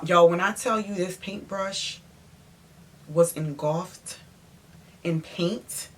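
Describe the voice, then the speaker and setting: A woman interior designer telling a story in an animated, emphatic way, speaking straight to her viewers. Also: lowish voice. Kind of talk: storytime vlog.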